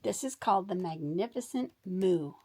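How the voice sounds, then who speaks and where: A woman reading a children's story aloud in a warm, expressive bedtime storytelling manner. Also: medium pitch, moderate pace, husky.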